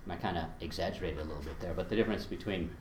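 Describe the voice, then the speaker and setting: Low-voiced male teacher in an echoey room. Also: very fast, a little mellow, a little hiss or hum. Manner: chatty, explains with spoken examples, chuckles often. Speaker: Latin teacher. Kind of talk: workshop presentation.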